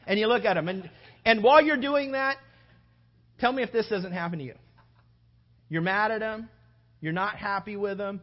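A man's voice: high-pitched, normal speed, long pauses, dull audio. A male pastor preaching a sermon, acting out everyday scenes with playful shifting voices. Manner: animated, acts out little scenes with shifting voices.

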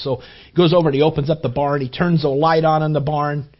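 A man's voice: on the high side, fairly even intonation, fast. A man preaching a sermon, telling a story in an earnest way and repeating words as he builds. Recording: dull lo-fi recording.

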